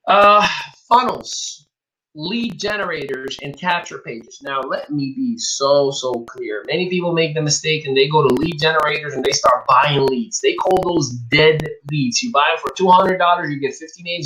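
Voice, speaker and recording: A man giving a motivational business talk as a coach, energetic, acting out both sides of sales conversations, with English as a second language. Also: on the high side, normal speed, slight background noise, rough recording. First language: not English.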